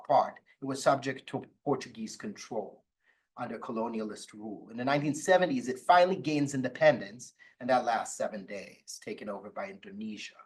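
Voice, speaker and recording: A law professor giving an academic talk, telling stories with wry, playful asides. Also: male voice, medium pitch, low-quality recording. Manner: lively storytelling with wry asides. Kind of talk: academic lecture.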